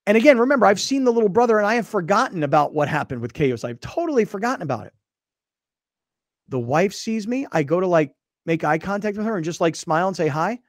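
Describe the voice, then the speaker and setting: A male podcast host telling a story in casual chat, animated and acting out the voices of others. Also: high-pitched, fast, dry recording, clean studio sound. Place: studio.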